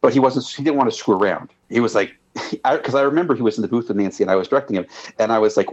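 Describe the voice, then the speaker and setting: A man's voice: mid-range voice, rapid-fire, a little mellow, dull audio. A man telling behind-the-scenes stories in an interview, rambling with restarts and laughs. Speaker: guest, animated show co-creator. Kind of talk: anecdotal interview storytelling.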